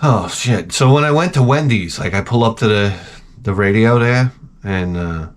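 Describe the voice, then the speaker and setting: A man's voice: lowish voice, moderate pace, slight background noise. A man hosting a show, rambling through crude comedic chat and trailing off into mumbled asides. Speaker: show host.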